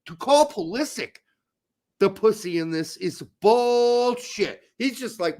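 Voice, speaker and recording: This sports podcast co-host has a remarkably high voice with a rough, gravelly edge, talking at a normal speed in a casual setting. His ranting is thick with swearing and keeps erupting into sudden, heated outbursts.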